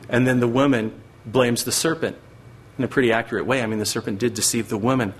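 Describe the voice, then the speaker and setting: A man's voice: mid-range voice, fairly even intonation, fast talker, breathy edge. A middle-aged man preaching a sermon earnestly, now and then acting out the voices of biblical figures. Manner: earnest, acts out voices of God and Satan. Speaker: pastor.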